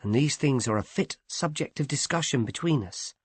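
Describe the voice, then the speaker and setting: A man voicing an affectionate young woman who speaks softly and quietly. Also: mid-range voice, lively intonation, normal speed, slightly rough, no room sound. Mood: tender. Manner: soft and hushed.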